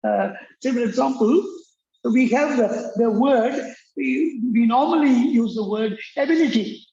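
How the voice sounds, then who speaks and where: A man teaching an English accent lesson, halting with many fillers and restarts, repeating words for drill. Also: very high-pitched, warm tone. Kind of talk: classroom-style lecture. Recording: roomy, dull lo-fi recording.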